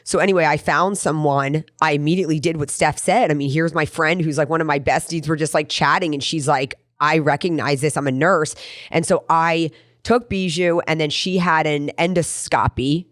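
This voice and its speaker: A woman hosting a podcast speaks in a noticeably low voice. She tells a personal story in an earnest, rambling way, circling back and restarting as she goes. The sound is dry and close. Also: fairly even intonation, normal speed, no room sound. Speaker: podcast host. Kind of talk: casual podcast chat.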